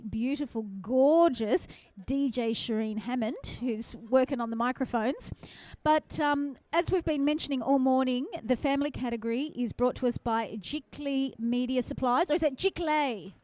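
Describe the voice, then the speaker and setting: Playful high-voiced woman emcee. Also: a little mellow, no echo. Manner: playful, jokey. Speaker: panel chair and emcee. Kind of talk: event announcing. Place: judging room at a photography awards event.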